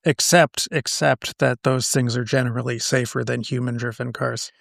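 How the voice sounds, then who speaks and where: A man's voice: mid-range voice, steady tone, normal speed, vocal fry, a bit bright, no room sound. A man co-hosting a casual chat, dry and skeptical, teasing his partner. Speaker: podcast co-host.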